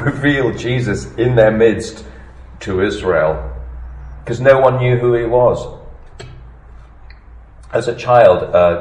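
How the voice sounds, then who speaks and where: A man preaching a sermon, swinging between hushed, low asides and loud, emphatic lines. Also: roomy sound, rough recording.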